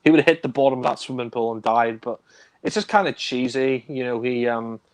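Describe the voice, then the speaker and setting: A film review co-host with a brisk, mid-range voice chats casually about movies with no room sound. He rambles with lots of fillers, laughs and swears, and mimics characters in a raised voice.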